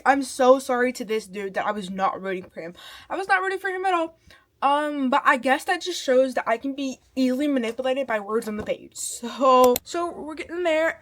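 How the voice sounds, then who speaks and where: A woman's voice: sits high, a bit bright. Chatty young woman reviewing books. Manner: rambling, full of "like" fillers; emotional, swings from irritated to teary. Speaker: book vlogger. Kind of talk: casual book review chat.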